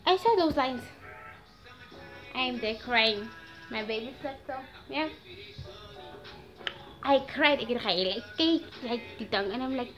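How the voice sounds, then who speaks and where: A nineteen-year-old woman from Namibia with a Namibian accent, telling a story in a casual, animated vlog and slipping into Afrikaans slang. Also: fairly high pitch, unhurried, pauses often. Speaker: vlogger. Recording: dull lo-fi sound with faint music.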